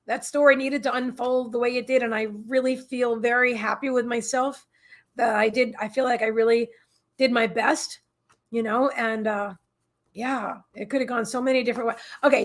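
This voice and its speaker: A middle-aged woman hosting a psychic livestream, telling a personal story in a rambling, emotional way with many restarts and asides to viewers. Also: sits high. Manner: talks to viewers in chat.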